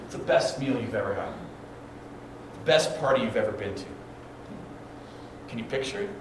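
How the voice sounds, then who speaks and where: A man's voice: mid-range voice, moderate pace. Pastor guy preaching, acts out the back and forth, voice bounces around a big echoey room, mic kinda far. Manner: animated, acts out dialogue with stammered restarts. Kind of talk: storytelling sermon. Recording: very echoey room, distant mic, background noise.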